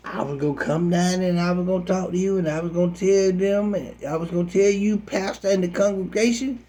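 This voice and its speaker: A woman's voice: lowish voice, fairly even intonation, fairly quick, mellow, lightly acted. A man voicing a stubborn church sister, defensive. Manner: stubborn, evasive excuses. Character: defensive church treasurer woman gambling away funds.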